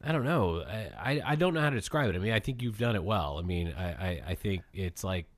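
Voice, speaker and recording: A man with a fairly low voice talks through a film recap as a podcast host. He rambles, circles back on himself and laughs often, keeping it casual. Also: expressive, fast.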